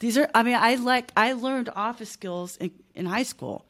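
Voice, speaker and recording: A woman's voice: fairly high pitch, normal speed, fairly bright tone. A woman in her fifties, a small business owner talking as a podcast guest in a chatty, emphatic way, often checking in with "right?" and "okay?". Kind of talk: casual podcast interview.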